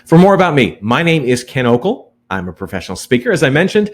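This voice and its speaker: A middle-aged man speaking as a professional presenter. His pitch swings widely as he stresses points. The delivery is emphatic and direct. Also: big pitch swings, quick pace. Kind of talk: virtual presentation to managers.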